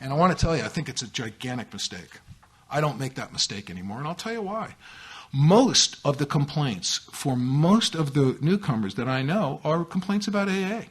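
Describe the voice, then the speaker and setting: Husky man giving candid recovery testimony. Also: on the high side, moderate pace. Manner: candid, self-mocking, with animated outbursts. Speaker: recovery meeting speaker. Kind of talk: personal testimony talk to a live meeting.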